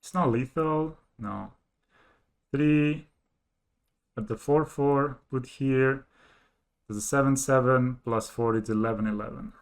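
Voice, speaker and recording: A man's voice: medium pitch, takes it slowly, long pauses. A man streaming a card game, thinking aloud as he counts plays and muttering to himself. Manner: thinks aloud, counting and muttering, bursts into excited laughing disbelief. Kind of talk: live gameplay commentary.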